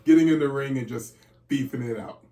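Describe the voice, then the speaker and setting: Man, mid pitch, interview host, joking, playfully deferential, casual. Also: fairly quick, dark tone. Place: guest's house.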